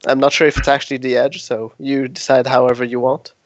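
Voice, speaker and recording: A man playing a tabletop game, hesitant with many ums and quick to giggle. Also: medium pitch, flat delivery, dry recording, lo-fi sound. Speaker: player. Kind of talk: tabletop role-play.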